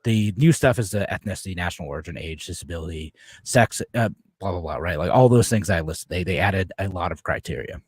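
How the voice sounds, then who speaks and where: Low-pitched New man, casual explainer co-host, dry close sound. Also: a little fast, few pauses, husky, no echo. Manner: explanatory, reads legal text aloud. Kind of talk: casual political discussion.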